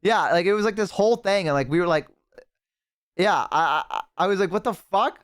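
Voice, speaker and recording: A man's voice: high-pitched, fairly quick, smooth, no echo, clean studio sound. A man streaming live, chatting casually to his viewers, rambling and swearing freely.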